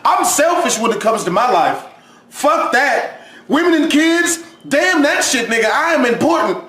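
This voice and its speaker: A high-voiced man tears into a scary story with crude, profane jokes, breaking into loud shouts and mocking voices. The sound carries a roomy echo around him. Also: sing-song, normal speed. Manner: crude, loud outbursts, mock voices of others. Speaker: reaction video host. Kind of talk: profane comedic reaction commentary.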